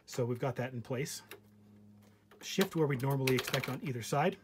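A man's voice: mid-range voice, moderate pace, background noise. Wry man showing off an old terminal. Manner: wry, joking asides with frequent fillers. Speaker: vintage computer hobbyist host. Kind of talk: casual show-and-tell vlog.

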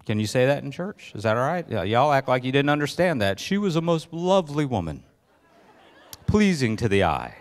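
A male pastor preaching a sermon in church, telling the story with lively acted-out voices and questions to the congregation. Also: brisk. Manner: acts out quoted voices with rising pitch.

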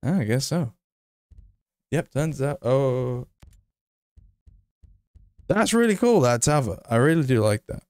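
A man's voice: mid-range voice, measured pace, a little mellow, no echo, studio quality. A man giving casual gameplay commentary, chatty and self-mocking, swearing when frustrated. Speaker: gaming video creator.

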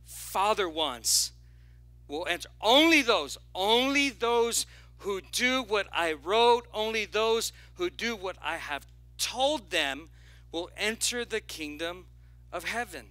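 A male pastor preaching a sermon, animated and lively, drawing call-and-response from the congregation with playful asides. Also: sits high, slow pace, no echo. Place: church sanctuary.

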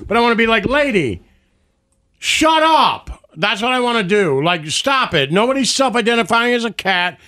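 Bright, high-voiced joking man. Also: lively intonation, fast talker, few pauses. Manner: jokey, blunt, emphatic. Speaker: podcast co-host. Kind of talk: casual banter.

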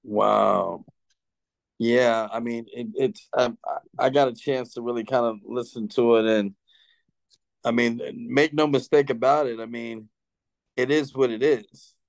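A man hosting an interview, reacting to his guest with short, halting remarks. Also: mid-range voice, fairly even intonation, gravelly, no room sound, rough recording. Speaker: host.

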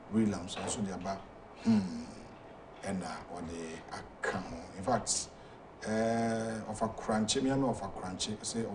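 A man with a Ghanaian accent hosting a talk show, reading viewer messages aloud in a halting way with many fillers. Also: on the low side, recorded from a distance, noisy background.

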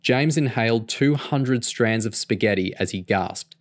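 A man reading a novel aloud in a steady, even storytelling manner. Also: mid-range voice, a little slow, no echo, clean studio sound. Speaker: audiobook reader.

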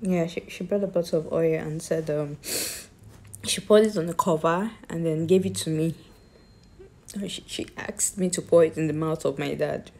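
A woman tells how her father died, halting and repeating her words, with a pleading, accusing tone. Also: low-pitched, fairly even intonation, a little mellow. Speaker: grieving daughter telling her story. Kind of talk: emotional personal account.

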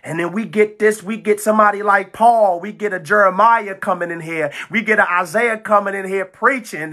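A woman's voice: medium pitch, normal speed, few pauses, fairly bright tone. A woman preaching a fiery sermon, full of emphatic repetition and stammered restarts.

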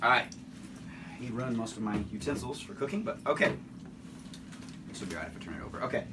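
A man's voice: medium pitch, animated, quick pace. A man teaching a casual Bible lesson in a home kitchen, talking in a playful way with joking asides. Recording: distant mic with noisy background.

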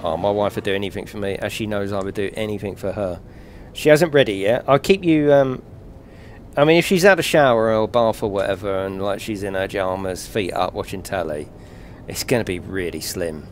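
Fairly quick and on the low side, an English streamer's voice comes through with slight background noise. He keeps up jokey, profane, laughing banter with his audience as he plays, his accent British English.

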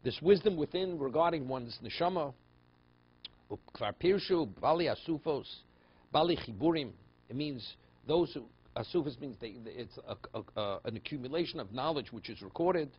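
A rabbi leads a text study class, working through passages phrase by phrase and telling stories conversationally, often restarting his sentences. His voice is medium-pitched and expressive with a breathy edge, at a normal pace. The class recording sounds dull and lo-fi.

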